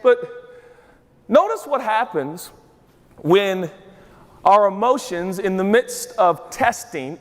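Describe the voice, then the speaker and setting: A male pastor preaching a sermon to a congregation, lively and quick to act out voices for comedic emphasis. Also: high voice. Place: large church auditorium with a congregation. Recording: long reverb of a large church hall.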